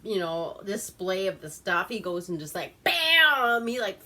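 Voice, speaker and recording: A woman's voice: fairly low pitch, moderate pace, a bit bright, husky. A woman from Alaska casually recapping a movie at home, giggling, swearing and rambling with lots of fillers. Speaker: movie reviewer host.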